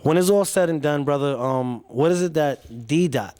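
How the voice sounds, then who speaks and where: A man's voice: fairly high pitch, moderate pace, warm tone, clean tone. A man hosting an interview, friendly and a little hesitant, asking questions with frequent ums. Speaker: interview host. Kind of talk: casual interview.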